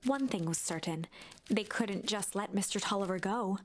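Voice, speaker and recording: A woman narrating a storybook game in a hushed, measured way that drops to a whisper at tense moments. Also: medium pitch, background noise. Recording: game narration over loud music.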